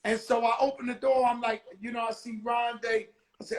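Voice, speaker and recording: A man hosting a casual livestream chat, telling a story in an animated way and swearing freely, heard over a video call. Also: very high voice, moderate pace, hardly any pauses, low-quality recording.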